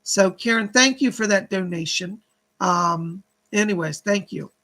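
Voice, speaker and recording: A man's voice: high voice, measured pace, sharp tone. A man hosting a live psychic reading stream, reading viewer donations and relaying spirit messages in long chains of "she said". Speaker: psychic medium host.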